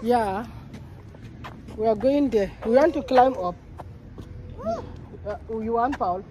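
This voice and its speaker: A woman vlogging on a walk outdoors with her children, gently coaxing and talking to them. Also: a little high, slow. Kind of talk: casual family vlog.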